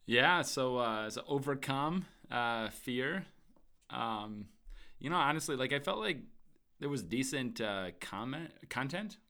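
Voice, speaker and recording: A man in casual chat who tells animated stories and acts out quotes; he also preaches. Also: mid-range voice, measured pace.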